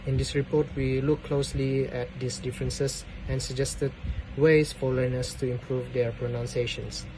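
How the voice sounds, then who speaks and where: A man delivers a student class presentation in a hesitant way, pausing with fillers as he goes. His voice sits at a middling pitch. Clear traffic and street noise run behind him. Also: little pitch movement.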